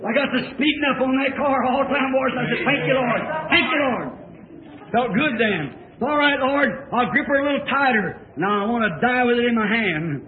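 An older man preaching a fervent sermon that rises to shouts. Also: extremely high pitch, animated, brisk, hardly any pauses, echoey room, crowd noise. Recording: tinny old lo-fi tape, congregation faint.

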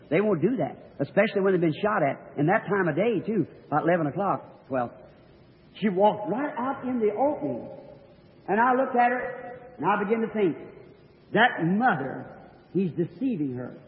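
Male preacher, high voice, folksy earnest sermon storytelling, long hall reverb. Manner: folksy rural grammar, emphatic and earnest. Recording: old tinny recording of a reverberant hall.

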